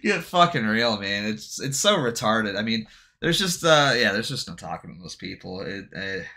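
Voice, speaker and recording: A man's voice: lowish voice, very animated, moderate pace, sharp tone. A man in casual livestream chat, telling stories loosely with swearing and laughter. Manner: profane, laughing, loose storytelling. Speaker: livestream guest.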